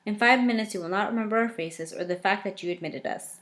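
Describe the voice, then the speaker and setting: A woman voicing a calm, commanding magical man who speaks in a smooth, hypnotic way. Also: mid-range voice, quick pace, lightly acted.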